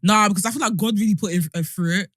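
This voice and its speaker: A woman's voice: mid-range voice, racing, dry recording. A young woman, co-hosting a casual podcast chat and joking around. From Nigeria. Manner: animated, joking, acts out comic voices. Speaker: podcast co-host.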